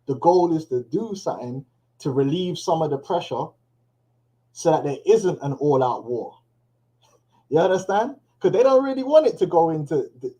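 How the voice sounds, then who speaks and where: A man's voice: a little high, warm tone, low-quality recording. A man giving loose, slangy commentary on news clips, chuckling now and then. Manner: loose, slangy, laughs to himself. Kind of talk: casual commentary on played clips. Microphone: headphones on.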